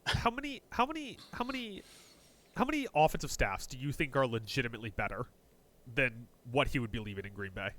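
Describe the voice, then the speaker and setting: A podcast co-host with a medium-pitched voice talks fairly quickly on a casual sports show. Jokey and excitable, he leads the segments while swearing and tossing out punning asides.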